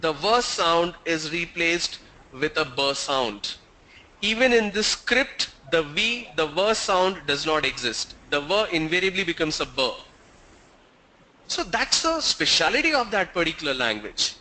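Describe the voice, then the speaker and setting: A man with an Indian English accent lectures to a class in a high-pitched voice. His tone is bright and clear, and he explains carefully, repeating points and asking his students questions. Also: sing-song, measured pace, poor audio. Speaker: teacher.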